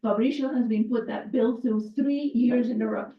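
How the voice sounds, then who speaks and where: A woman's voice: on the high side, fairly even intonation, normal speed. A woman on an advisory board, speaking with emphasis at a public meeting and recounting what happened. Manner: impassioned, emphatic storytelling. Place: town meeting room. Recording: echoey room from a distant mic, muffled.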